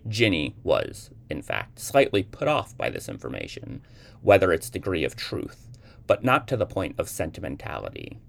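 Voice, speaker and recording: Deep-voiced male reader with fry and animated pitch for a short story narration. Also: moderate pace. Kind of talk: reading a short story aloud.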